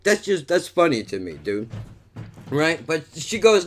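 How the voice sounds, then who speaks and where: A man hosting a podcast, telling a story in a casual, animated, profane way and saying "dude" and "bro" a lot. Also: fairly high pitch, a little slow. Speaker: podcast host.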